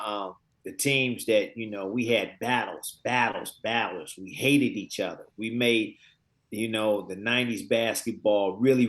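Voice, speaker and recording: A man in his fifties speaks as an interview guest in a casual, storytelling way. His voice sits at a middling pitch. He acts out quoted dialogue and often repeats words while he gathers his thoughts.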